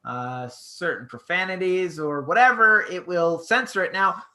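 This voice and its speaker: A man's voice: sits high, expressive, normal speed, sharp tone. A man with a Canadian accent co-hosting a casual late-night stream, rambling with fillers and restarts. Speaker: podcast co-host.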